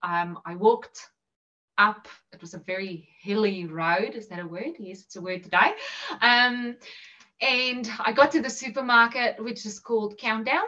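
A South African woman with an Afrikaans-flavored accent answers questions in a casual interview. Her voice is bright and forward. She is heard a little distant and dull, over a video call. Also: fairly high pitch, unhurried. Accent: Afrikaans-influenced South African English. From South Africa, Bloemfontein. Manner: chatty and self-deprecating, many ums and laughs. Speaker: interview guest.

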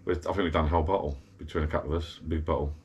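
A man's voice: rumbling low, fairly even intonation, racing, lo-fi sound, a little hiss or hum. A man rambling in casual chat from his backyard garden bar, drifting from topic to topic. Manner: rambling, digressive, chatty. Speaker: vlogger.

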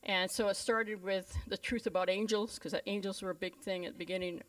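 A Canadian woman pastor delivers a storytelling sermon, her voice brisk and medium in pitch. She tells her stories with lively energy, acting out the voices of the people in them. She sounds a bit distant from the microphone.

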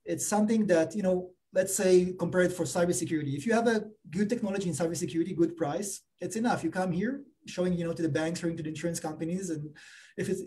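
Man with a mellow voice. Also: sits high. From Israel. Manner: hesitant, many fillers, non-native phrasing. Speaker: trade commissioner speaking on a webinar. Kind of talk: informal presentation.

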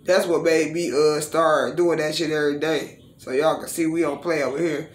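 A woman's voice: deep voice, fairly even intonation, normal speed, hardly any pauses, slight background noise. A woman vlogging casually and breaking into profane, boastful freestyle raps, recorded in her living room. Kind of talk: casual vlog talk with freestyle rapping. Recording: roomy echo in a home.

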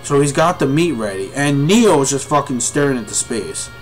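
A young man reviewing a manga live, reading along and reacting to viewers with excitable, profane chatter. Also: mid-range voice, moderate pace, faint music behind.

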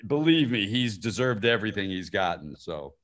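A man's voice: on the low side, sing-song, moderate pace, fairly bright tone. A man, the guest filmmaker and actor, telling anecdotes over a video call and laughing through his stories. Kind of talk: live-streamed conversation.

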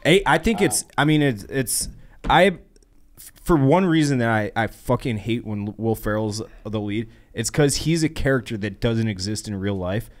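A man's voice: medium pitch, normal speed. A man, a podcast regular, in casual crude banter with friends, swearing emphatically.

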